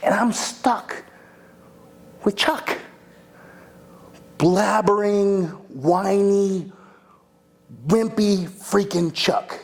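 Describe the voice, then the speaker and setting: A man performing a monologue as a rambling, excitable young party guy who keeps saying "like" and "dude" and restarting his sentences. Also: sits high, very slow, creaky, pauses often, exaggerated voice. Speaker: attorney in a monologue workshop.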